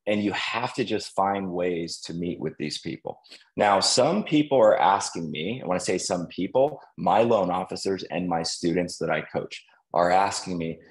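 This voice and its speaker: A man who coaches loan officers, giving an energetic motivational sales talk and acting out quotes. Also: deep voice, unhurried, rough recording. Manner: energetic, acts out quoted voices.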